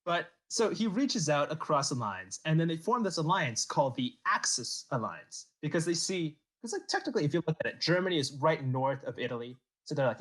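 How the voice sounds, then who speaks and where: Speaking fairly quickly with hardly any pauses, a man with a fairly high voice narrates history for a relaxed podcast. His telling is animated, full of jokes, silly character voices, and laughter.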